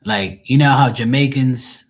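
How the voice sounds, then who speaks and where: A man's voice: mid-range voice, a little slow. A middle-aged man with a Bermudian accent, a tarot reader rambling casually to his livestream viewers with plenty of profanity and frequent laughs.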